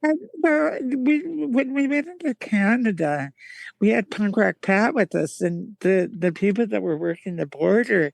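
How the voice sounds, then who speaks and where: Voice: mid-range voice, lively intonation, unhurried, gravelly, no echo. A guest in a casual interview telling rambling anecdotes, with many restarts and laughs. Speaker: guest, magazine founder and band singer.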